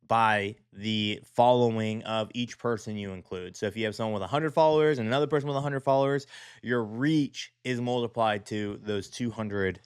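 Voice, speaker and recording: A man's voice: fairly low pitch, normal speed, smooth, no echo, clean studio sound. A man hosting a design show, chatting casually and rambling with many fillers and restarts. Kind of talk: casual commentary on design work.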